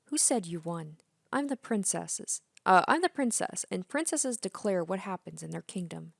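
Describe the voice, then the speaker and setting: A woman's voice: fairly low pitch, lively intonation, moderate pace, vocal fry, no room sound, clean studio sound. A woman reading aloud the lines of a possessive, imperious young princess girl from a game. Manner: bossy, indignant reading.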